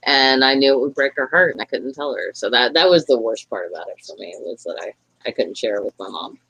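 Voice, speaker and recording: Frank rambling Southern woman, bright tone. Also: extremely low pitch, lively intonation, brisk, slightly rough, low-quality recording. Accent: Southern American. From Tennessee. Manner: rambling, frank and profane, with many fillers. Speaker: podcast co-host. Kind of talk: casual chat.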